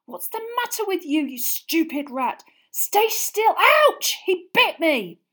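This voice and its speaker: A woman voicing a frightened, frantic teenage boy who hisses and shouts in panic. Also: very high voice, very animated, takes it slowly, voice pushed up, full character voice.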